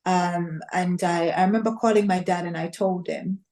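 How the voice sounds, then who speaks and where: A woman's voice: fairly low pitch, normal speed. A woman sharing her personal testimony in conversation, telling it animatedly and acting out the voices of the people in it. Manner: animated storytelling with acted quotes and laughs.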